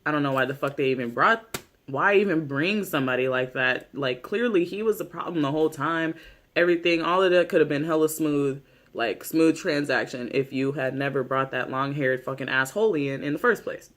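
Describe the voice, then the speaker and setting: Man, casual TV recap vlogger. Rambling and slangy with lots of cursing, a touch higher-pitched than most. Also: fairly quick, a bit bright. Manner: rambling, heavy use of "like" and "you know"; swears freely, slangy. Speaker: YouTube show recapper.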